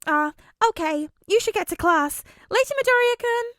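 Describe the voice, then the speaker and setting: A woman's voice: very high-pitched, expressive, normal speed, no room sound, clean studio sound, voice pushed up. A woman reading aloud voices a cheerful, teasing young woman student. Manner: bright, teasing.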